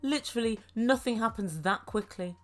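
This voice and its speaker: A woman's voice: fairly high pitch, normal speed, faint music behind. A woman giving a sarcastic, swear-filled recap of a reality show, laughing at her own jokes. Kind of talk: casual commentary recap.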